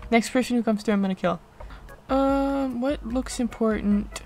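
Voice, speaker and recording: A young woman giving chatty, excitable commentary while playing a game, often giggling. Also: a little high, normal speed. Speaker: gaming streamer. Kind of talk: casual gameplay commentary. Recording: clear music behind voice. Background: game music.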